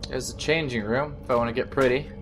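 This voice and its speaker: A man's voice: mid-range voice, steady tone, fast, background noise. A man commenting on a horror game he is playing, frustrated and sarcastic and swearing often. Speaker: gaming video host. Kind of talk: let's play commentary. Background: game music.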